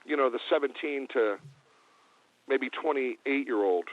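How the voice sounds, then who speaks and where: A man's voice: mid-range voice, measured pace, no echo. Drummer guy on a phone line, easygoing, jokey, lots of ums, tinny sound. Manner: relaxed, joking, hesitant with fillers. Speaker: guest drummer. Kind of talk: casual interview.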